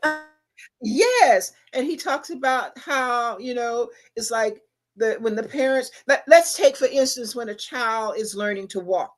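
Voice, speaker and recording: A woman's voice: fairly high pitch, a little slow, soft background music. A middle-aged woman co-hosting a late-night talk stream, speaking emphatically about spirituality and asking rhetorical questions. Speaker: podcast co-host. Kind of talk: casual livestream talk.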